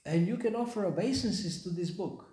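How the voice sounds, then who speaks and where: Male spiritual teacher, high-ish voice, relaxed halting delivery, recorded in a reverberant temple hall. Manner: unhurried, pauses to search for words. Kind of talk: scripture class talk with storytelling.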